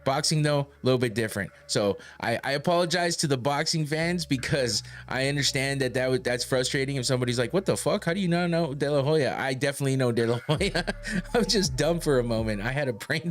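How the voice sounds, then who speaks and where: A man with a middle-pitched voice rambles loosely as a podcast host, swearing freely and breaking into laughter. His delivery is casual and unscripted, talking straight to a live chat, with faint music in the background. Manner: profane, rambling and laughing often.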